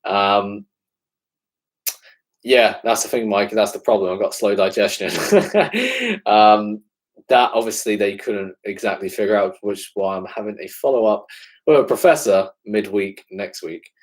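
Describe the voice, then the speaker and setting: A man's voice: fairly low pitch, lively intonation, measured pace, poor audio. A young man in his twenties with an English accent, chatting casually as a fitness coach answering live-stream questions. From England. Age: 20s. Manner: laid-back, fills with "man" and "obviously".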